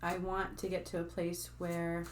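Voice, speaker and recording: A woman's voice: fairly low pitch, completely flat delivery, unhurried, a little hiss or hum. A woman talking casually to her viewers as a spiritual healer, rambling and full of fillers. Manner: chatty, rambling, with frequent fillers and asides to viewers. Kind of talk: casual talk to camera.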